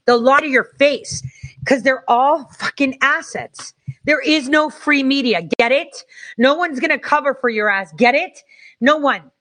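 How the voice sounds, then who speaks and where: Angry woman going off on a sweary rant, kinda high voice, talks fast when heated. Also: fairly bright tone. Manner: heated, profane, rapid-fire ranting.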